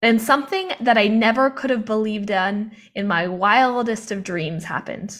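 A woman's voice: mid-range voice, moderate pace, a bit bright. A young woman in live online training mode, impassioned and confiding, talking into a video call mic and laughing often between points. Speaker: motivational coach.

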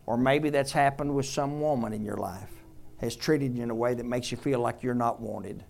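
Guy preaching, chatty, fires questions at the pews, goes soft and hushed on the tender bits. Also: medium pitch, moderate pace, gravelly. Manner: conversational preaching, asks the congregation questions; drops to a soft hush on tender points. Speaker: pastor. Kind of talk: sermon.

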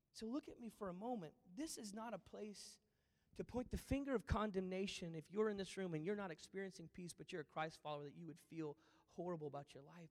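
High-voiced preaching man in a big hall. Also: fairly quick. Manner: swings from loud preaching to hushed near-whispers. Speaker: pastor. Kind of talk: sermon. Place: church auditorium. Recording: long reverb of a large hall.

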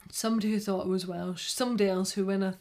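A woman from Scotland, a yarn vendor and podcaster, chatting casually and telling stories in a lively way. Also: medium pitch, racing. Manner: chatty, animated storytelling. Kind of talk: casual chat.

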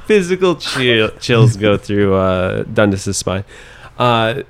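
A man playing a tabletop game, talking in a playful, expressive way. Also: on the low side, slow pace, clear, resonant tone. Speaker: player.

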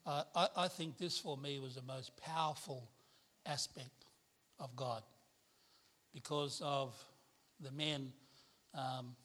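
A man's voice: medium pitch, fairly even intonation, slow pace, long pauses, a bit bright. A middle-aged man, a guest preacher giving a candid personal testimony sermon, laughing at himself as he tells it. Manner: candid storytelling with self-deprecating laughs.

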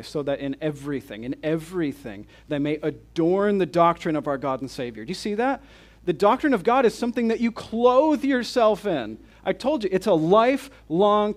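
A man preaching a conference sermon, reading scripture and then explaining it with emphatic, repeated rhetorical questions. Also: on the high side. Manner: emphatic and repetitive.

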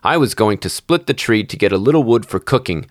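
A man voicing a grumpy, greedy little old male dwarf in a storybook reading, shrill and scolding. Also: lively intonation, brisk, dry recording, studio quality, close to an everyday voice. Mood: grumbling. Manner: snarling, scolding.

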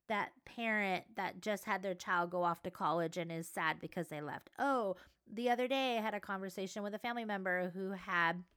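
A woman's voice: medium pitch, a bit bright, no room sound, clean studio sound. A woman, hosting a faith podcast in a chatty, conversational way full of fillers. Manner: chatty, conversational, many fillers and self-quotes. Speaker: podcast host. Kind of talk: casual faith podcast talk.

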